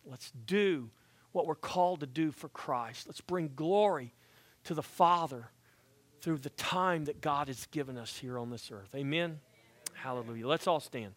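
A man preaching a sermon as pastor, swinging from hushed passages to loud exhortations, with folksy joking asides. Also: on the high side, dry recording.

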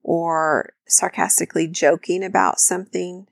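A woman with a somewhat low, gravelly voice co-hosts a podcast. She talks thoughtfully and backs her advice with practical examples. The recording is close and dry. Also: flat delivery, a little slow, no room sound. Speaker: podcast co-host. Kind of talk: instructive marriage talk.

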